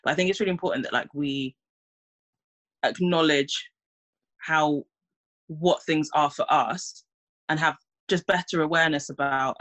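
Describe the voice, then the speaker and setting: A woman's voice: low-pitched, normal speed, pauses often, fairly bright tone. A young woman, chatting casually and acting out her own reactions. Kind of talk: casual chat.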